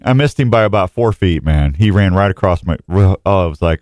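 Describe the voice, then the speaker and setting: A man's voice: deep voice, expressive, moderate pace, hardly any pauses, a little mellow, no echo, clean studio sound. A middle-aged man hosting a casual morning radio show, rambling and self-mocking with lots of restarts and jokes. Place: radio station studio.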